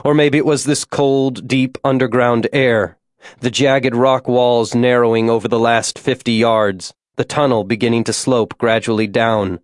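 A man narrating an audiobook in a measured, tense storytelling manner on a close microphone. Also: mid-range voice, fairly even intonation, no room sound. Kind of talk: scripted narration.

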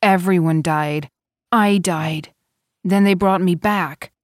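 A woman reading an audiobook, voicing an agitated, haunted man who speaks in a low, choked, furious way. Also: slow pace, dry recording, clean studio sound.

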